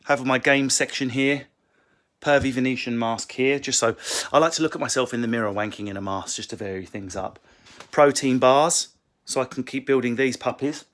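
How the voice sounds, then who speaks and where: A man's voice: mid-range voice, fairly bright tone. Comedian guy doing a casual q and a from his bookish living room, sweary jokey asides, phone mic. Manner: profane, joking, quick asides. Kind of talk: casual livestream Q&A. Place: book-lined room at home.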